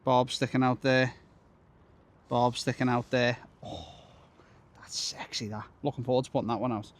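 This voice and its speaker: A man's voice: medium pitch, little pitch movement, moderate pace. A man talking casually to camera as a fishing vlogger, chatty, grumbling and poking fun at himself on a riverbank. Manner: chatty, grumbling and self-mocking. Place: outdoors on a windy riverbank. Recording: loud wind noise on the mic.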